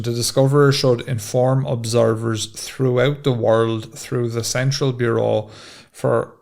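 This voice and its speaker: Gravelly Irish man, casual podcast chat. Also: mid-range voice, a little mellow. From Ireland. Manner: reads a document aloud with stumbles. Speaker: podcast co-host.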